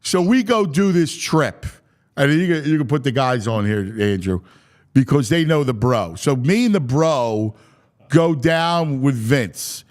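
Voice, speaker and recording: A man hosting a sports talk show, telling stories in an excitable way, his voice climbing high when he gets worked up. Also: unhurried. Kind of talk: animated podcast chat.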